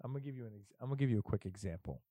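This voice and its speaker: Profane storytelling man, mellow voice. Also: medium pitch, expressive, very fast, dry recording. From Puerto Rico heritage. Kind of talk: casual chat.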